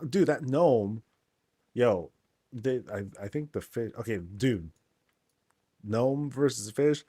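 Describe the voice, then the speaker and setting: A man's voice: medium pitch, expressive, takes it slowly, mellow, slightly rough, no echo. A man hosting a casual game tour, laid-back and joking, with lots of slang. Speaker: game channel host.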